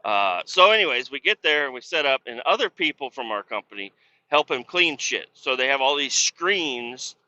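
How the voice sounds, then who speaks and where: A man's voice: mid-range voice, sing-song, moderate pace, sharp tone, highs cut off. A man telling a profane, exasperated story about a chaotic coworker in a casual, mocking rant. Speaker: industrial cleaning worker telling a work story.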